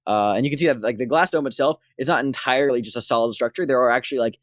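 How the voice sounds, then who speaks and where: A woman's voice: extremely low pitch, very fast, no echo, clean studio sound. A woman narrating a tabletop game as dungeon master, rambling with many fillers.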